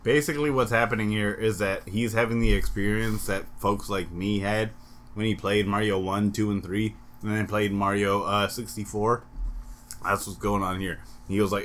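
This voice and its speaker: A man's voice: fairly low pitch, steady tone, moderate pace, fairly bright tone, slight background noise. A man co-hosting a podcast, talking bluntly in a rambling way and swearing often. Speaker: podcast co-host. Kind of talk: casual chat.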